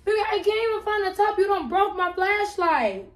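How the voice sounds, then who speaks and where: Woman vlogger, high voice, playful, teasing, hushed spooky storytelling, casual prank video. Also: expressive, fairly quick, hardly any pauses, reverberant, poor audio. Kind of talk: casual prank vlog chat.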